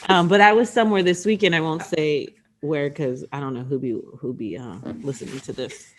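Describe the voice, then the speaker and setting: Woman, thirties, low-pitched voice, casual podcast co-host, animated storyteller. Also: a little fast, slight background noise. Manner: animated storytelling, acts out screams and quotes. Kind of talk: casual chat.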